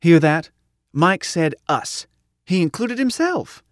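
A man's voice: fairly high pitch, unhurried, a little mellow, smooth, no echo, studio quality, voice pushed up. A man reading an audiobook, voicing an eager, affectionate young woman revolutionary in a raised voice. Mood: excited. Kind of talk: audiobook narration.

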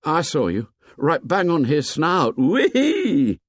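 Male reader as a chirpy, admiring young boy, raised pitch, dry audiobook. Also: animated, unhurried, a bit bright, no echo. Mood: excited.

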